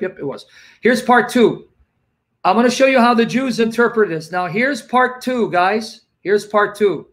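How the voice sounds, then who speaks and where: A man speaking as a guest apologist on a livestream, teaching emphatically and slowing down to repeat key phrases. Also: sits high, a bit bright.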